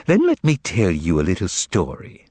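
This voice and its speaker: Man putting on a cocky talking cat, boastful, teasing, lively ups and downs, storybook. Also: sits low, normal speed, breathy edge, no room sound, exaggerated voice. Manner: cocky, teasing, then meek. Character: boastful, cheeky giant male cat. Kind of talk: audiobook character voice.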